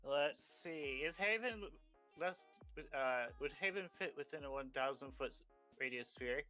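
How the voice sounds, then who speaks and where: A man's voice: fairly high pitch, animated, unhurried, sharp tone, soft background music. A man in a tabletop game session, talking hesitantly and asking careful questions about the game. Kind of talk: tabletop role-play, casual chat.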